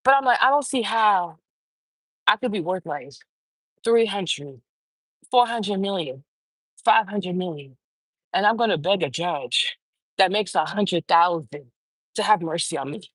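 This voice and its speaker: A woman hosts her own uncensored commentary show, swearing freely and repeating her points with heavy emphasis. She sits close to the mic in a dry, dead room, and her voice is middle-pitched for a woman. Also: measured pace, pauses often, no room sound. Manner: animated, emphatic, swearing, mimicking others mockingly.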